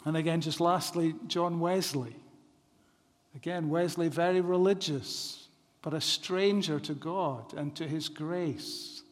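A man preaching a sermon in a measured, deliberate way, repeating phrases for emphasis. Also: a little high, steady tone. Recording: long hall reverb.

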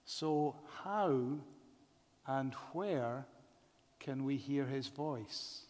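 A man preaching a sermon in a measured way, often asking the congregation rhetorical questions. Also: medium pitch, darkish tone. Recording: long reverb of a large hall.

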